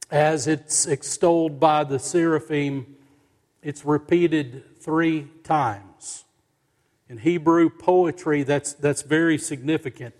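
A man preaching a sermon as pastor, slow and emphatic, with dramatic pauses and rising stresses on key words. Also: fairly high pitch, darkish tone, long reverb tail. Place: church sanctuary.

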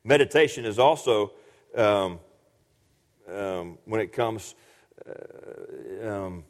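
Halting preacher man in reverberant hall. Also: on the low side, lively intonation. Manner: halting, repeats words, earnest teaching. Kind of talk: sermon.

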